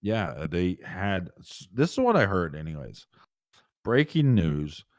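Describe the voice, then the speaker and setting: A man's voice: low-pitched, very animated, slow, dry recording, studio quality. A man co-hosting a true crime podcast, chatting casually and joking as he tells stories. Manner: joking, rambling storytelling. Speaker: podcast co-host. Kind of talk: casual chat.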